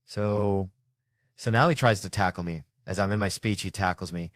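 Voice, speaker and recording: A man working a stand-up stage, voice sitting a little low and recorded dry and close. He tells his stories with lots of animation and often jumps into loud shouted impressions. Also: moderate pace, no room sound. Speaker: comedian. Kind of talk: stand-up storytelling. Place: stage before a live audience.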